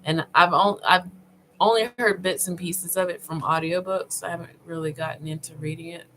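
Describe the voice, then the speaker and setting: A woman vlogger talking casually as she browses online, thinking aloud with many pauses and fillers, and speaking directly to her viewers. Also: lowish voice, steady tone, sharp tone, slight background noise, low-quality recording. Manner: addresses viewers informally.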